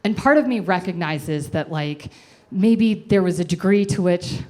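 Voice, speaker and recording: A woman in her twenties telling a self-deprecating comic story to a live audience, animated and chatty. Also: on the low side, unhurried.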